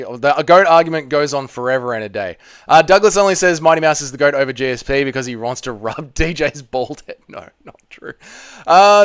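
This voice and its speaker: Animated, ranting streamer. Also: male voice, a little high, clean tone. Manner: heated, ranting, profane. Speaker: streamer host. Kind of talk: live stream watch party chat.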